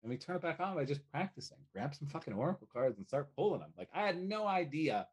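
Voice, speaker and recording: A man talking as a life coach guest in a casual podcast conversation, animated and casually swearing. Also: on the high side, quick pace, husky. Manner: animated, swears casually, acts out little quoted voices.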